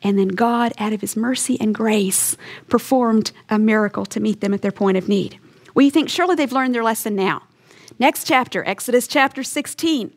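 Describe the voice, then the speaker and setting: Woman preaching a bible lesson, earnest and emphatic, pitched a bit high. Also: normal speed. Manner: earnest, emphatic storytelling with quoted voices. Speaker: Bible teacher. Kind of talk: teaching sermon.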